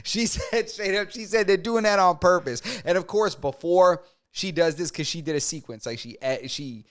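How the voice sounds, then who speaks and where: A young man on a casual podcast, talking in a loose, joking, slang-heavy way. His voice is clear and smooth. It sits a little higher than most men's. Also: normal speed. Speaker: podcast co-host. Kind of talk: casual chat.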